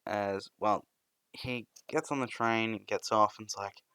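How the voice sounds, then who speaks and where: A man's voice: fairly low pitch, fairly even intonation, unhurried, pushed and bright, clean tone, no echo. A young man narrating a fan story in a rambling, loosely improvised way, often restarting sentences.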